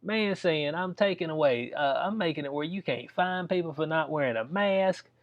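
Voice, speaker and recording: A man's voice: on the high side, lively intonation, moderate pace. A man from North Carolina giving heated, slangy commentary, breaking into laughing asides. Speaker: commentary vlogger. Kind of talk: casual ranting commentary. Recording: dull lo-fi sound.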